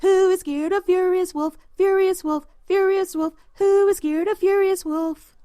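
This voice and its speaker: A woman voicing three defiant little pigs who chant in a high, sing-song way in a storybook reading. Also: animated, takes it slowly, a little mellow, dry recording, studio quality, exaggerated voice. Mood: taunting song.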